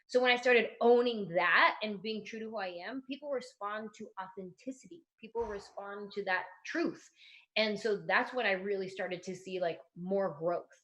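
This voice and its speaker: A woman's voice: mid-range voice, normal speed. A woman comedian in her thirties, talking casually in an interview and acting out quoted voices as she gives advice. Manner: animated, acts out quoted voices. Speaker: comedian guest.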